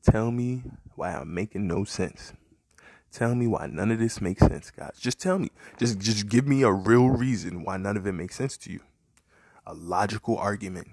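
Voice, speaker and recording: Husky guy ranting on his commentary show, cussing, throwing mocking questions at listeners, dry close mic. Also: fairly low pitch, moderate pace, a little mellow, dry recording. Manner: profane, heated, mocking rhetorical questions. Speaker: commentary podcaster. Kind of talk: rambling opinion commentary.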